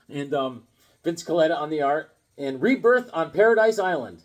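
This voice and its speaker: Jokey man with a lively, high voice. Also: normal speed. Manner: jokey, acts out voices, sudden loud outbursts. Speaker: comic book collector showing his comics. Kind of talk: casual joking vlog.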